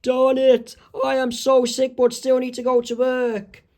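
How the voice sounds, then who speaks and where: A man's voice: extremely high pitch, completely flat delivery, unhurried, a little mellow, pitched above the performer's own voice. A man doing a whiny cartoon dad. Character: cartoon dad, clumsy and sick.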